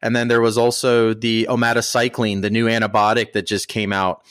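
A man's voice: on the low side, monotone, a little fast, a bit bright, dry recording. A man from the United States co-hosting a podcast, explaining things in a laid-back, jokey, plain-spoken way on a close mic. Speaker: podcast co-host. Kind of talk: casual explanatory discussion.

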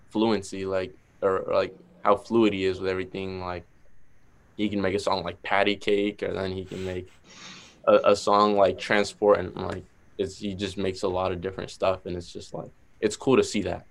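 Young guy w/ boston accent, super deep flat voice, laid back, says like a lot. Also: normal speed, creaky. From Massachusetts. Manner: relaxed, many "like" fillers. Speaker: musician guest. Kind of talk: casual interview chat.

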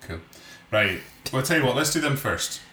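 A Scottish man co-hosting a podcast, cutting in with quick, teasing remarks. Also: medium pitch, animated, bright, forceful tone, roomy sound, slight background noise. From Scotland. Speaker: podcast co-host. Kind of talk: casual chat.

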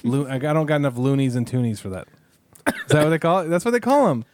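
A man's voice: a little high, lively intonation, fast talker, darkish tone, a little hiss or hum. A man co-hosting a podcast in casual banter, rambling and joking as he trails off and restarts. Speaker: podcast co-host.

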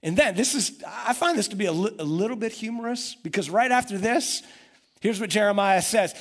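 Animated male preacher telling a story. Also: sits high, a little fast. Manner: animated storytelling, acting out voices. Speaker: pastor. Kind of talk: sermon.

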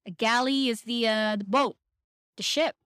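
A woman's voice: on the high side, normal speed, fairly bright tone, clear, resonant tone, no room sound, studio quality. An American woman co-hosting a casual podcast, explaining things and laughing often. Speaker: podcast co-host. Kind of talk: casual chat.

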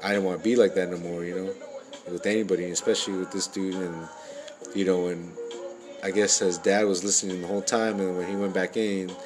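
Deep, flat-voiced man rambling casually. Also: fairly quick, music in the background, poor audio. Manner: rambling, filler-heavy, profane street slang. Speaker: parent sharing life stories. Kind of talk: casual personal storytelling.

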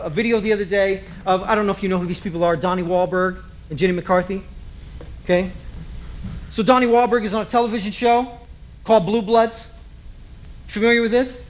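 A man's voice: high voice, steady tone, a little fast, a little hiss or hum, poor audio. A man preaching a sermon as a pastor, talking animatedly and acting out little asides.

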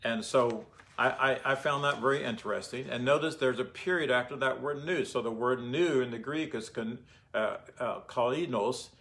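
A man's voice: mid-range voice, moderate pace, hardly any pauses, fairly bright tone. A man giving informal Bible teaching in a conversational way, often asking his listeners rhetorical questions.

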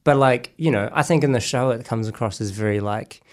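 A man hosting a casual chat, relaxed and musing as he steers the talk. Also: mid-range voice, a little fast.

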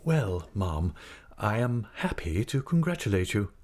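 A man voicing a mild, timid village doctor who speaks in a soft, placating way. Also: mid-range voice, wildly swooping pitch, unhurried, breathy edge, heavily acted. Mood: meek placating.

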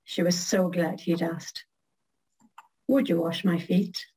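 A middle-aged woman reading her own poem slowly and carefully, then chatting casually as a guest. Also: fairly low pitch, fairly even intonation, warm tone, slightly rough, rough recording. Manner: slow, measured recitation.

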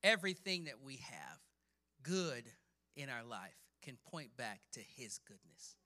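A man preaching a sermon, reading scripture with dramatic emphasis and building from quiet passages to shouting. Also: mid-range voice, very animated, unhurried. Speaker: pastor.

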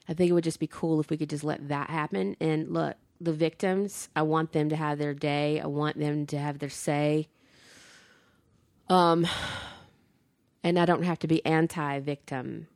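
A woman's voice: low-pitched, creaky, darkish tone, no room sound. A woman co-hosting a casual chat show, talking loosely with frequent fillers and laughs. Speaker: podcast co-host.

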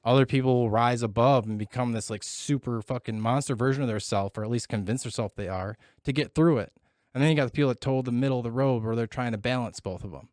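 A man's voice: mid-range voice, quick pace, a little mellow, no room sound, studio quality. A middle-aged man talking candidly and with a lot of swearing in a casual podcast chat, reflecting on parenting and loss.

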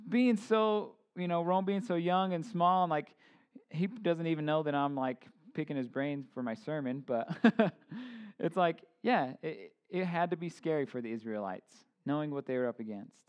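A man in his thirties gives a relaxed, conversational sermon in a slightly high voice. He talks informally, slipping in jokes and asides, and restarts his sentences often. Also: moderate pace, clear, resonant tone, muffled recording. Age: 30s. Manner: informal, joking asides, many fillers and restarts. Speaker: pastor.

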